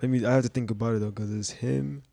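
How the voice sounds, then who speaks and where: A man's voice: medium pitch, fairly even intonation, quick pace, creaky, mellow, no room sound. A playful young man joins a podcast as a soccer player guest, laughing often and teasing. His voice sits mid-range on a dry, close recording. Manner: playful, boastful, laughs a lot. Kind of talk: casual interview chat.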